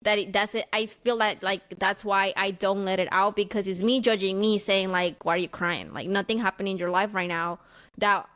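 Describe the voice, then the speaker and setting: Woman, young adult, mid-pitched voice, candid, rambling, self-questioning, casual chat. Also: fairly even intonation, moderate pace, a bit bright, clean tone. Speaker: podcast co-host.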